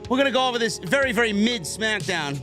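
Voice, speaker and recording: A man's voice: sits high, expressive, quick pace, over music. A man from New York hosting a live post-show stream, griping and swearing his way through a casual rant. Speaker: livestream host.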